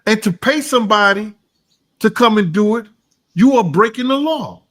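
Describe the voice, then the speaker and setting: A man co-hosting an easygoing reaction podcast makes emphatic, repeated points and sometimes dwindles into low mumbling. His intonation is lively, his speed normal, and his tone fairly bright.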